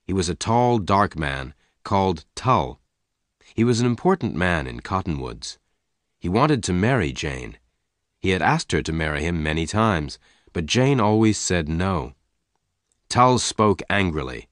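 A man narrating a story in a slow, clear, even reading for English learners. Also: sits low, dry recording, clean studio sound.

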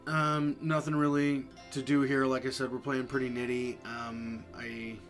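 A man giving voice-over commentary on his poker hands, halting and full of fillers. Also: mid-range voice, level tone, faint music behind. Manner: halting, many fillers and restarts. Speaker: poker vlogger.

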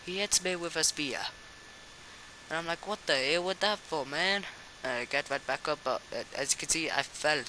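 A young man giving rambling, excitable comic voice-over narration about a backyard wrestling match, often stumbling and restarting. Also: fairly high pitch, brisk, few pauses, a little hiss or hum, poor audio.

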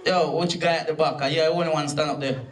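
Here the Jamaican comedian speaks rapid-fire in a fairly high, fairly even voice, trading punchy banter with the crowd. It's an amateur recording of his club set, captured at a distance with audience noise around it.

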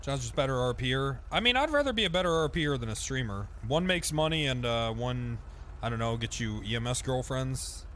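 A man's voice: mid-range voice, animated, a little fast, a bit bright, slight background noise. A male streamer chatting casually during game role-play, crude and egging others on.

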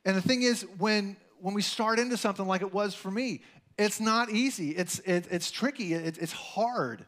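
Male preacher, high voice, loose storytelling delivery, filler-heavy, conversational sermon. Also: normal speed, fairly bright tone. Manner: chatty, storytelling, lots of "like" and "you know". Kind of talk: casual sermon with personal stories.

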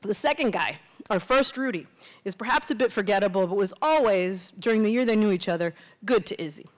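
A woman author from Miami reads her own short fiction aloud. She tells it in a steady, conversational way, and her voice sits at an ordinary middle pitch. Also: fairly quick. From Miami, USA.

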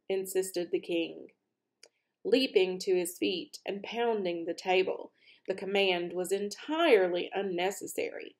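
A woman hosting a storybook read-aloud for children, chatting gently before reading the narration. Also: on the low side, measured pace.

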